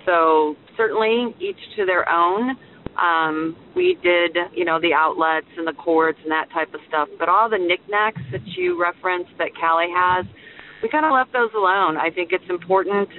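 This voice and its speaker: High-voiced man on a tinny phone line. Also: normal speed, slight background noise. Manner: relaxed, rambling advice. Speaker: caller.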